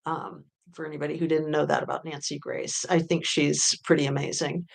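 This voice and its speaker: A woman with a somewhat low voice talks loosely to her live viewers. She rambles, fills her pauses with ums and uhs, and reads out comments as a true crime host. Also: little pitch movement, vocal fry. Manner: chatty, rambling with many fillers. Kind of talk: casual chat with live chat readers.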